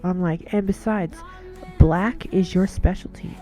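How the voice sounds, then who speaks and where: A woman talks through a devotional monologue in an earnest, storytelling way, often repeating herself. Her voice sits low and sounds warm and mellow. Soft music plays faintly underneath. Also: fairly even intonation, measured pace. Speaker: Christian wife giving devotional talk.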